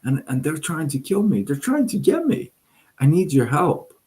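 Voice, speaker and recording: Man voicing a scared little mouse, stammering pleas, panicky, slow. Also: medium pitch, expressive, a little mellow. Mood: desperate. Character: frightened little male mouse.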